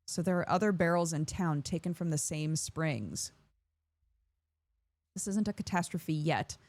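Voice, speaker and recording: A woman reading a dry, measured male doctor. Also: sits low, a little mellow, no echo. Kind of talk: reading game dialogue aloud.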